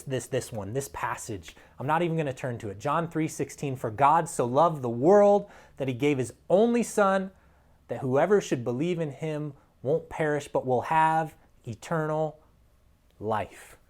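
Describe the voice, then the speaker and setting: A man preaches from the pulpit in a voice of middle pitch. He talks earnestly and with emphasis, easing into soft, near-quiet lines and then building back to strong peaks. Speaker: pastor. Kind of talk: sermon.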